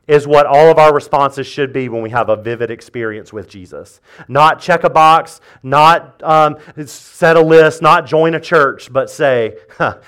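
A man preaching in a church, with a fairly high voice that swings up and down in a lively way. He talks in a casual, joking style and pushes his points hard. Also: smooth. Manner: conversational, joking, emphatic preaching. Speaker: pastor. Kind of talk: sermon.

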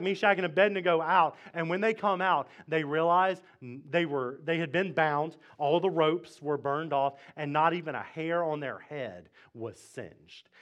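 A man's voice: on the high side, a bit bright. A male pastor from Mississippi, retelling a scripture story in a casual, joking sermon. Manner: conversational, jokey, retells scripture in slang.

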